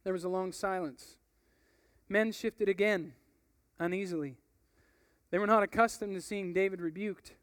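A man's voice: high-pitched, steady tone, normal speed, pauses often, fairly bright tone, dry recording, clean studio sound. A young man preaching in a casual, conversational way, telling a story and reading from a book. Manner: casual, conversational, uses fillers like "like" and "you know".

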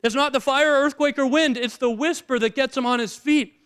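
A man's voice: extremely high pitch, steady tone, brisk, a bit bright. A man preaching a sermon as a pastor, talking in a conversational way and asking his listeners rhetorical questions.

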